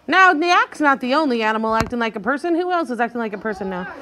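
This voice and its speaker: A woman with a high, bright voice teaches young children to read. She is animated and encouraging, slowing down to sound out each tricky word and prompting her class to read along. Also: slight background noise. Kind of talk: guided reading lesson for young children.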